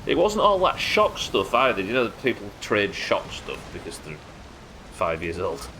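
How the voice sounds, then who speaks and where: A man's voice: fairly low pitch, huge pitch swings, unhurried, bright, forceful tone, slight background noise, rough recording. A man chatting casually while streaming a game, crude and joking, laughing often. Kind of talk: casual live-stream chat.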